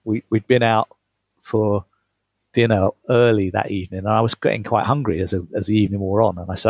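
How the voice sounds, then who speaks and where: A man is interviewed about his book, telling chatty travel stories, laughing often and restarting mid-phrase. He's the guest author, with a lowish, steady voice and a brisk delivery. There's no echo on the recording.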